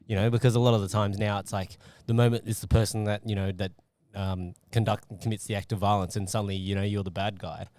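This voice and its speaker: A male podcast host talks casually and thinks his points through out loud, with plenty of fillers. His voice sits a little low. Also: flat delivery, fast talker, hardly any pauses. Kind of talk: casual interview chat.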